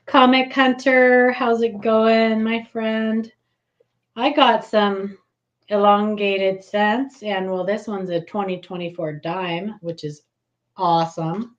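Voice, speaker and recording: A woman hosting a casual live stream, giggly and excitable, greeting viewers by name. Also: medium pitch, slow, lo-fi sound.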